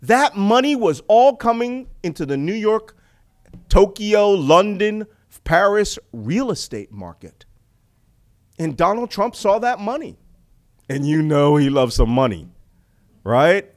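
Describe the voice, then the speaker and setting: Middle-aged American man, speaker at a public talk, higher pitch for a man, very lively, punchy rhetorical delivery. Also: slow. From United States. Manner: animated, rhetorical questions, laughs at own jokes. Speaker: speaker on intelligence.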